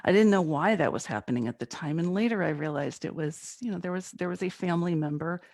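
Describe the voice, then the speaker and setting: A middle-aged woman guest speaker giving a conversational sermon, telling a personal story in an animated way and laughing at herself. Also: on the low side, quick pace, vocal fry, no room sound.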